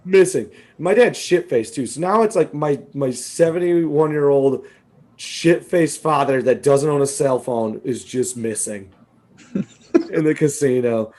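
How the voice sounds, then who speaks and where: A man co-hosting a podcast, telling a story in casual chat, animated and swearing, laughing often as he quotes people. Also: fairly high pitch, a little slow. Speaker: podcast co-host.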